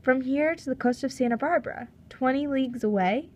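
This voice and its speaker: A woman voicing a bold Russian sea captain, a tall man who bargains loudly and insistently in a storybook reading. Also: high-pitched, fairly quick, pitched above the performer's own voice, lightly acted. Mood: bargaining. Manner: loud, insistent, pushy.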